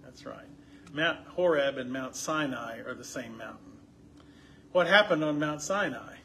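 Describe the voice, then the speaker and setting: A man's voice: medium pitch, expressive, unhurried, pushed and bright, a little hiss or hum. Conversational man teaching scripture to a group. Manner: asks the group questions, reads scripture aloud with rising emphasis. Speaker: pastor leading a Bible study.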